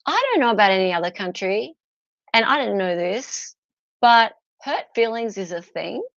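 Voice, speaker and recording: A woman's voice: mid-range voice, animated, moderate pace, vocal fry, fairly bright tone, no room sound, muffled recording. An Australian woman hosting a casual live stream about a court trial, chatting and laughing with her viewers. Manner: chatty, laughs often, answers chat viewers; mocks posh barristers in put-on voices.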